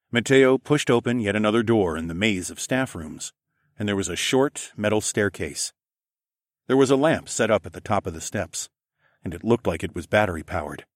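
Low-voiced male audiobook narrator. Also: no echo, clean studio sound. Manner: steady, even storytelling. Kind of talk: first-person scripted narration.

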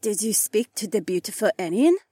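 Guy doing a soft sleepy young korean girl, voice pushed way up, dry sound. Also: sits high, animated, fairly quick, breathy edge, no echo, pitched above the performer's own voice. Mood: gentle.

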